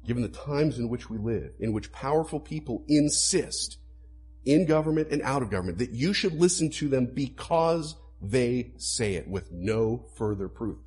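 A man preaching a sermon to a congregation, animated, acting out quoted lines as he explains. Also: medium pitch, moderate pace. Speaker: pastor.

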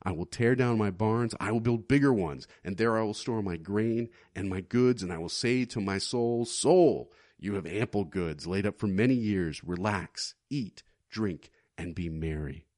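A man's voice: fairly low pitch, measured pace, few pauses, darkish tone, no echo, clean studio sound, lightly acted. A preacher voicing a smug rich man. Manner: self-satisfied, boastful. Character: smug rich man pleased with his wealth.

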